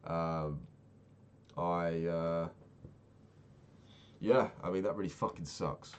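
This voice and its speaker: Young guy with a very deep voice, rambly and sweary, kinda down, faint typing behind. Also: fairly even intonation, slow, long pauses, slight background noise. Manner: swears often, rambling and candid. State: low and sad. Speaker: Minecraft vlogger. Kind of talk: casual chat while playing a game.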